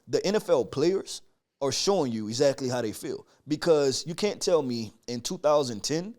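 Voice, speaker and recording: A man co-hosting a sports podcast in a casual debate, making emphatic, drawn-out points and swearing casually. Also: mid-range voice, expressive, darkish tone. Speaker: podcast co-host.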